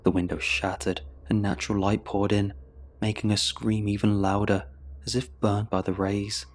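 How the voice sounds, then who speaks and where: Low-voiced man narrating a horror story. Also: little pitch movement, normal speed. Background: faint music.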